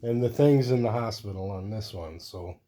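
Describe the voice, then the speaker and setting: A man's voice: lowish voice, moderate pace, mellow. A man hosting his own video, chatting casually and rambling as he shows off a stack of comic books one by one. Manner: rambling, easygoing, thinks aloud while flipping through comics. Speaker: host. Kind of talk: casual comic collection show-and-tell.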